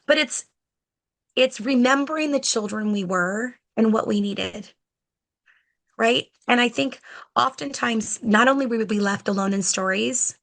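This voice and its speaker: A woman guest on a podcast, an educator telling stories in a chatty, animated way and acting out talks with children, with plenty of "like" and "you know". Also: on the high side, a little slow, gravelly. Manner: animated, acts out conversations with children. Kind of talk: podcast interview storytelling.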